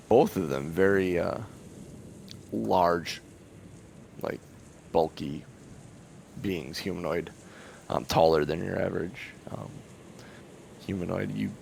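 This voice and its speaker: A man narrating a tabletop game as game master, halting, with many pauses and restarts. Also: low-pitched, vocal fry, darkish tone, slight background noise.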